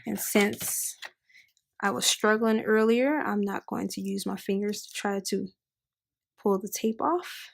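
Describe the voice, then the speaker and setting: A woman's voice: medium pitch, measured pace, creaky. A woman hosting a crafting tutorial, chatting upbeat and casual while she works with her hands. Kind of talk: casual how-to demonstration.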